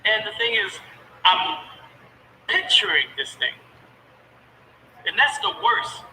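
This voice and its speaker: Man, father telling a story, halting, lots of fillers, bright slightly high voice, echoey room. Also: very animated, slight background noise. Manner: halting, with many fillers and restarts. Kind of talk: emotional personal storytelling.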